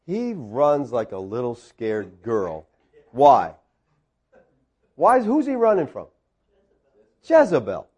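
A man preaching a sermon, telling a story with swings between quiet asides and loud peaks. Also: a little high, lo-fi sound. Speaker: pastor.

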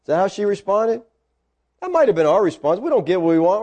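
A man preaching a sermon, animated and acting out the voices of the people in the story. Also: high-pitched, fast talker.

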